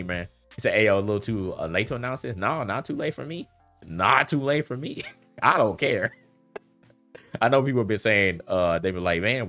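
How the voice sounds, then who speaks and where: Deep-voiced animated streamer man. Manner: animated, repeats himself, quick bursts of laughter. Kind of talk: casual livestream chat.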